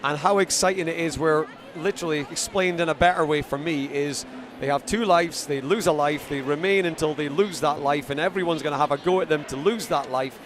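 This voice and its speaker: Scottish male commentator, effusive and excitable, fairly high voice, loud outdoor background noise; live event call. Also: fairly quick. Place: outdoor competition venue.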